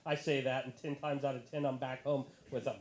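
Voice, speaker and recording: A man performing a stand-up comedy set on a bar stage, telling stories in an animated way and jumping into high, excited voices for the people he quotes. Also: fairly quick, reverberant.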